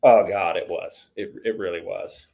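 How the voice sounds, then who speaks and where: A middle-aged man telling stories in a relaxed conversation, calling the listener "dude" a lot and getting animated at the exciting parts. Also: low-pitched, moderate pace, vocal fry. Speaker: podcast guest. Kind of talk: casual storytelling chat.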